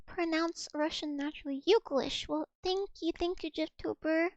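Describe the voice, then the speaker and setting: A woman's voice: very high voice, steady tone, moderate pace, dry recording, muffled recording. A young woman streaming casually, chatty and self-mocking, filling her talk with "like" as she sounds out foreign words. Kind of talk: casual livestream chat, practicing Russian words aloud.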